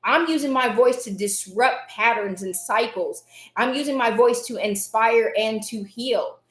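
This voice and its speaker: A woman hosting a live self-help stream, speaking earnestly in repeated, emphatic affirmations, her voice a little raspy at times. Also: on the high side, unhurried, roomy sound. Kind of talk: motivational live-stream talk.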